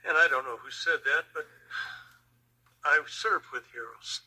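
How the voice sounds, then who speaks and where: An older man and Vietnam veteran, telling a personal story slowly and with emotion. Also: fairly high pitch, bright, forceful tone, slightly rough, poor audio. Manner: slow, emotional, reflective.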